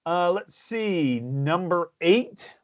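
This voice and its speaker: A man's voice: high-pitched, lively intonation, very slow, muffled recording. A man from Maine, co-hosting a podcast in casual chat, rambling and enthusiastic with many restarts. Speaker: podcast co-host.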